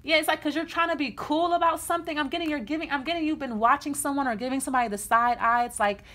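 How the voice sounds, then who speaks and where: High-voiced blunt tarot reader woman. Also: fast talker, sharp tone. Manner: blunt, chatty, frequent restarts and laughs. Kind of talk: casual tarot reading.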